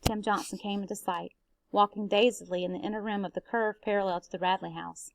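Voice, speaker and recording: A woman, a teacher, reading a novel aloud in a steady, expressive way. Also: mid-range voice, a little fast, creaky, dry recording.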